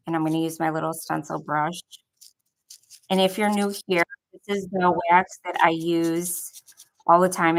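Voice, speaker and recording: A woman's voice: on the low side, a bit bright, low-quality recording. A young woman from Buffalo, New York with a Buffalo accent, chatting casually and rambling through a crafting tutorial. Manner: chatty, rambling, many filler likes. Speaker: craft vlogger.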